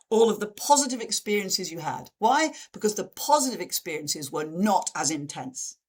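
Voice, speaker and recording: Lively woman presenting a webinar. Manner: lively, acts out dramatic quotes with big pitch jumps. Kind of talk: live online talk.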